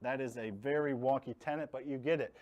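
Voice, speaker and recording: A man's voice: mid-range voice, fairly even intonation, a little fast, a little mellow, highs cut off. Blunt man teaching investing. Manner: blunt, joking, leans hard on key words. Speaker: host teaching real estate investing. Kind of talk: live online training talk.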